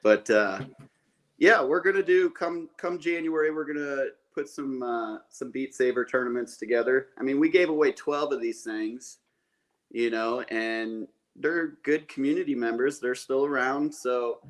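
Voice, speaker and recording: A man's voice: mid-range voice, unhurried. A man co-hosting a casual podcast, talking in an upbeat, rambling way and repeating words as he plans aloud. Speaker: podcast co-host.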